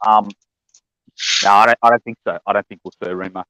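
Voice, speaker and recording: A man's voice: lowish voice, fairly even intonation, quick pace, bright, forceful tone, no echo, low-quality recording. A tired man, chatting casually and laughing easily. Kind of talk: casual chat.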